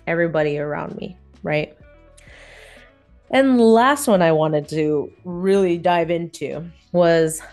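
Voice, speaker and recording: A woman's voice: deep voice, darkish tone. A young adult woman hosting a solo podcast, talking earnestly and candidly, repeating reassuring phrases. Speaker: podcast host. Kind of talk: reflective solo podcast talk.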